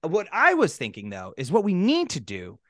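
A man's voice: high voice, huge pitch swings, moderate pace, a bit bright, no echo, studio quality. A man co-hosting a comedy podcast, riffing in casual chat with profane asides and mock voices. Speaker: podcast co-host.

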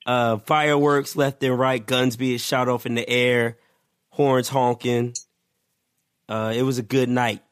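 A man co-hosting a casual podcast, his voice hoarse from yelling, riffing playfully with drawn-out wordplay. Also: medium pitch, little pitch movement. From Philadelphia area. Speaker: podcast co-host. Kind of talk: casual chat.

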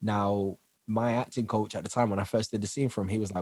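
A man guest on a podcast, telling lively stories, acting out what people said and laughing often. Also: on the low side, quick pace, hardly any pauses, husky, dry recording. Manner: animated storyteller who acts out quotes and laughs often. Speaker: guest, dancer, singer and actor. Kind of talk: casual interview chat.

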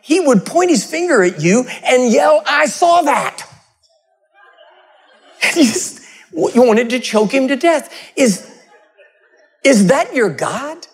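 A male preacher with a fairly high voice delivers a sermon. He talks in a loose, conversational way and keeps the congregation laughing with humorous stories. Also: very animated, a little slow, husky.

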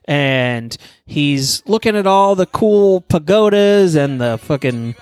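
Young man, crude joking storyteller, rambling, lively pitch, dry close sound. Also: slow pace, clean tone, no room sound. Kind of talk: casual improvised storytelling.

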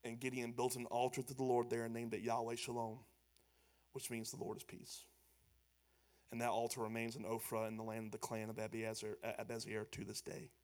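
This man, a pastor, preaches at a slightly fast pace with a medium-pitched voice. He swings between loud, animated emphasis and a softer, conversational manner.

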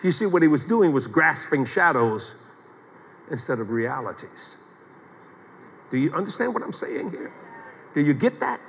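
An older man, a pastor, preaching a sermon in a folksy, animated way, with humor and acted-out quotes, recorded in a church sanctuary. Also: on the high side, a little slow, long pauses, in a large hall, a little hiss or hum.

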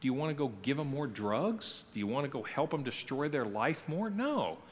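A middle-aged man teaches a church class as its pastor, his voice rising and falling with lively animation. He talks conversationally and keeps checking in with questions to the group. His words carry a long reverb from the church hall around him. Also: medium pitch, moderate pace.

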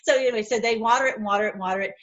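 A woman hosting an online video, retelling a story in an animated, emphatic way, often restarting her sentences. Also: on the high side, very fast, highs cut off. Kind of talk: casual storytelling talk.

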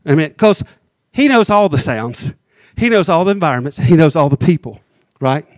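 A man preaching a sermon as pastor, talking in a conversational way, teasing his congregation and slowing down hard on key words. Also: on the high side, sing-song, no echo.

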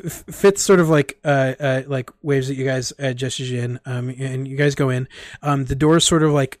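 A man narrating a tabletop game as game master, halting and full of fillers. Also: medium pitch, no room sound, clean studio sound.

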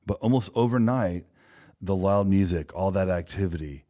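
A man's voice: sits low, moderate pace, mellow. A man who co-owns a security company, telling a story in conversation and acting out the dialogue of the people in it.

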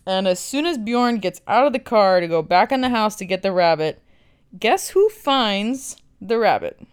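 A woman's voice: mid-range voice, lively intonation, moderate pace, clean tone. A woman podcast host recapping a film in a blunt, sarcastic way, swearing freely.

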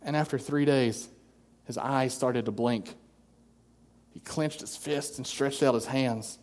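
A man's voice: medium pitch, steady tone, slow, a little mellow. A man preaching an earnest sermon as pastor, acting out quoted voices as he goes. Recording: long hall reverb.

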